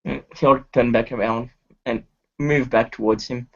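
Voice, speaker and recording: A man's voice: mid-range voice, fairly even intonation, creaky. Muffled man playing a tabletop game. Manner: halting, with restarts. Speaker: player.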